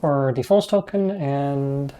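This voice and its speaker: Casual hesitant game master. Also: male voice, medium pitch, slow, mellow, clean tone. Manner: casual, hesitant, lots of fillers. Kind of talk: running a streamed tabletop game.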